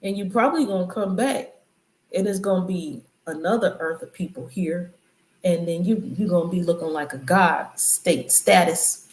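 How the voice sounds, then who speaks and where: She speaks at normal speed with a voice on the low side, a channel host giving relaxed spiritual commentary. Her delivery is loose and preachy yet conversational, and the room echoes.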